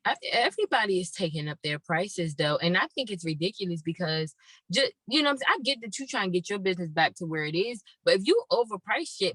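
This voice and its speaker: A woman's voice: fairly low pitch, sharp tone, dry recording, poor audio. A woman co-hosting a podcast, ranting bluntly and profanely in casual chat. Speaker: podcast co-host.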